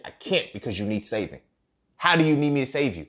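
A man's voice: mid-range voice, fast. Young guy podcasting solo, loose slangy talk, keeps jumping into little voices for quotes. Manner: animated, slangy, acts out quotes in other voices. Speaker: podcast host. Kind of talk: casual monologue.

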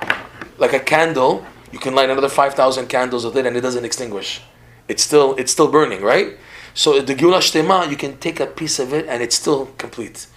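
A man's voice: mid-range voice, a little fast, fairly bright tone, slight background noise. A man giving a religious lecture in a podcast conversation, talking animatedly with frequent repeated words and laughs. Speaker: religious teacher.

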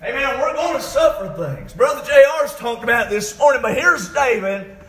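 A man preaches a fiery sermon, his voice pitched very high as he shouts and then sinks to a low, soft tone. The sound rings through a very echoey church hall. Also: expressive, normal speed. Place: church sanctuary.

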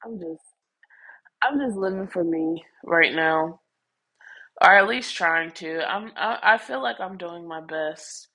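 A young woman in her twenties talking casually to her viewers in a loose, animated ramble, swearing freely and calling them y'all, a little stuffy with the sniffles. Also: lowish voice, slow pace, rough recording. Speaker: vlogger.

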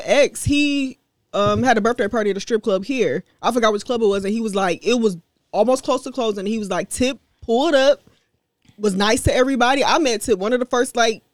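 A woman's voice: a little high, dry recording. Chatty laughing woman, dry close sound. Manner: chatty, laughs between stories, quotes people. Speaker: podcast co-host. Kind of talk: casual gossip chat.

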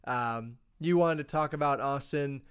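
A man's voice: mid-range voice, unhurried, smooth. A man co-hosting a podcast, chatting casually and rambling with fillers about movies and books. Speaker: podcast co-host. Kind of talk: casual chat.

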